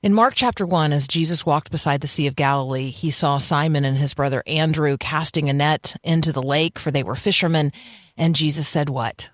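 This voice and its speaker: Leading a devotional teaching, an earnest radio host presses listeners with rhetorical questions at a brisk pace. His middling-pitched voice comes through a dry studio mic without any room echo.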